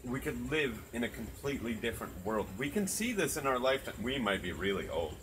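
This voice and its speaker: A man's voice: mid-range voice, very animated, brisk, slight background noise, poor audio. A man in casual chat, talking earnestly and reflectively and swearing freely, outdoors at night. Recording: crickets chirping loudly behind.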